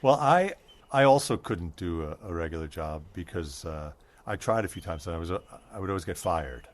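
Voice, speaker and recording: Low-voiced man, dry and thoughtful. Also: lively intonation, fairly quick. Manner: thoughtful, restarts mid-thought, dry humor. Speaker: stand-up comedian, guest. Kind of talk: casual interview chat.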